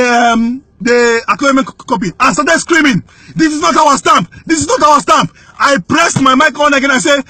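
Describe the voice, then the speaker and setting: A Nigerian man with a very high, bright and piercing voice, speaking urgently and indignantly as he recounts events. The sound is close and dry, with no room around him. He pushes up into shouts when he presses his point. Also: no echo. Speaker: whistleblower giving testimony. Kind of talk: impassioned spoken testimony.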